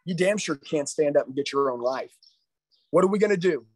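Casting: middle-aged male sales trainer, high husky voice, confrontational and profane, dry close sound. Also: animated, a little fast, darkish tone, no echo, rough recording. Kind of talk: live motivational speech. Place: live training session.

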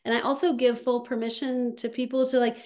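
A woman speaking as a somatics practitioner in an interview, slow and reflective, with soft pauses. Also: fairly high pitch, flat delivery. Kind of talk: conversational interview.

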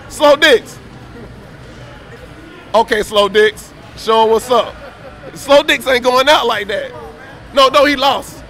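A man's voice: very high voice, slow, long pauses, sharp tone, a faint crowd. A man trash-talking on a stream mic, boastful, taunting and profane. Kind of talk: brash trash talk.

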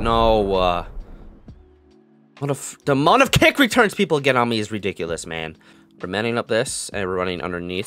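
Excitable young man narrating his football game. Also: fairly low pitch. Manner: excitable, swings from mutters to yelling; swears casually, sing-song gloating. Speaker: gaming commentator. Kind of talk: live game commentary.

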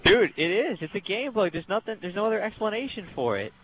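A man's voice: high voice, very animated, fast, fairly bright tone, rough recording. A young man casually commentating a co-op game, swearing and laughing a lot. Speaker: gameplay commentator. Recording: game music behind. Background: game music and sounds.

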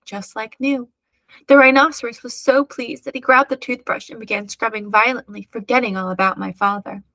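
Gravelly woman reading a children's story. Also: mid-range voice, dry recording. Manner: clear, steady storytelling. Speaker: storybook reader. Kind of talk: read-aloud children's story narration.

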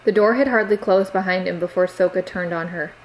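A woman's voice: lowish voice, a little fast, slight background noise, low-quality recording. Woman reading a novel aloud. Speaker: narrator. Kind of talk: audiobook narration.

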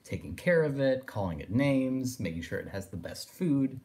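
Male lecturer, discursive and reflective, middle-pitched voice. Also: sing-song, moderate pace, darkish tone. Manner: discursive, thinking aloud with fillers like "in a sense". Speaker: philosophy lecturer. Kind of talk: recorded lecture.

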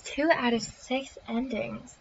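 Reading game text aloud on stream, this young woman speaks slowly in a fairly high, fairly even voice, jumpy and quick to swear. She startles easily throughout. The recording is crunchy lo-fi with slight background noise.

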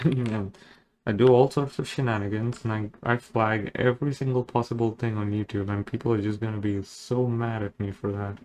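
A man's voice: fairly low pitch, fairly even intonation, moderate pace, darkish tone, a little hiss or hum. A man chatting casually as he draws digitally, rambling along with jokes and self-deprecating asides. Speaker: digital artist. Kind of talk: casual commentary while drawing.

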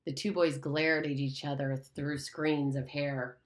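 Low-voiced woman reading an audiobook. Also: little pitch movement, a little slow, hardly any pauses. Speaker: audiobook reader. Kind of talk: audiobook narration.

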